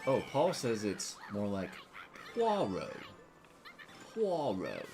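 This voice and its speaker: A man's voice: lowish voice, wildly swooping pitch, slow pace, noisy background. An American man co-hosting a casual gameplay stream, joking, reading chat aloud and repeating words. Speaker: streamer co-host. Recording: game music behind the voice. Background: game music.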